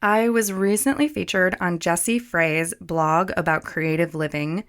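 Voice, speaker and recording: A woman opens her podcast with a prepared introduction of her guests. Her voice sits on the low side, and she reads in an earnest, steady way. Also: measured pace, smooth. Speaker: podcast host.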